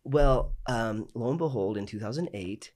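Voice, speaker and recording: A man's voice: mid-range voice, animated, moderate pace, a little mellow. A podcast host, a man, telling stories casually and animatedly, acting out quoted dialogue and filling his speech with "like". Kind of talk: casual storytelling.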